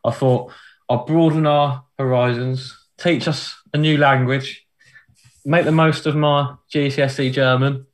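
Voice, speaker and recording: A young man co-hosting a podcast, running a quiz game with giggly, playful banter and sudden rushed asides. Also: fairly even intonation. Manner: giggly and playful, with big pitch leaps and quick rushed asides.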